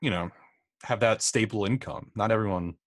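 A man co-hosting a casual movie commentary podcast, tossing in dry wisecracks and quick asides. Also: fairly low pitch, no echo. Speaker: podcast co-host.

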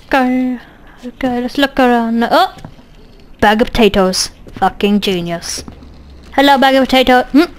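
A woman's voice: on the high side, normal speed, low-quality recording. A woman doing a let's play commentary, goofy and sweary, talking back to the game. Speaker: gamer.

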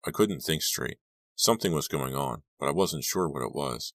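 A man narrating a teen horror audiobook in the first person, reading in a steady, measured way. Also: extremely low pitch, no echo, clean studio sound.

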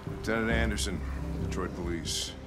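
A man playing a deep-voiced gruff police lieutenant. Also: normal speed, natural voice. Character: gruff middle-aged male police lieutenant, rude. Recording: game audio behind music, from far.

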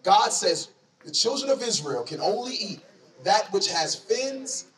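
A man's voice: high voice, a little slow, slight background noise. A man teaching scripture to a crowd in a slangy, conversational call-and-response style, quizzing his listeners. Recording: distant mic amid a lively crowd.

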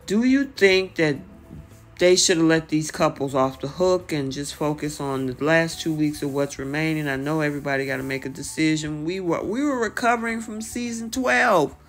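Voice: mid-range voice, soft background music. A reality TV recap host talking casually and animatedly, often acting out the cast's lines with lots of "you know" fillers. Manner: animated, acts out the cast's lines in quick bursts.

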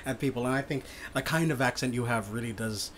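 A chatty woman from Papua New Guinea hosts a relaxed podcast, her accent leaning American. She talks in bursts with restarts and frequent laughter, over a faint hiss of background noise. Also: rumbling low, fast. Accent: Papua New Guinean with an American-sounding lilt. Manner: animated, laughs often, lots of restarts. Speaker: podcast host. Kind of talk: casual podcast chat.

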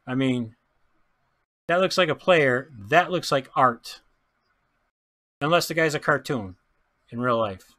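A man giving chatty, excitable commentary while opening baseball card packs, often stumbling over player names and laughing. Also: medium pitch, slow pace, long pauses. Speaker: card pack breaker.

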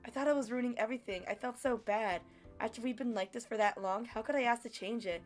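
A woman reading the lines of a shy, sweet young man in a visual novel, speaking softly and haltingly in her own voice. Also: fairly high pitch, faint music behind, natural voice. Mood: tender, shy. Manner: soft, halting, earnest.

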